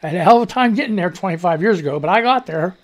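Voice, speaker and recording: A man's voice: sits high, expressive, very fast. An older man hosting a live-stream news commentary show, ranting bluntly and with profanity, talking back to the clips he plays. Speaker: show host.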